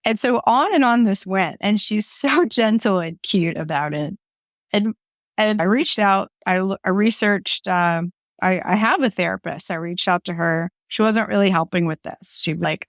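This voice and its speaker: A woman's voice: medium pitch, moderate pace, no echo, clean studio sound. A woman guest, talking openly and emotionally about her grief and the start of her project, laughing often as she speaks. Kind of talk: candid conversational storytelling.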